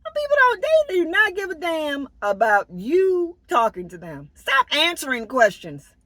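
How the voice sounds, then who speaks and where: A woman's voice: sits high, huge pitch swings, unhurried, a bit bright, dry recording. A middle-aged American woman vlogger giving a blunt, emphatic safety talk straight to her viewers, repeating her key points for weight. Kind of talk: direct-to-camera safety talk.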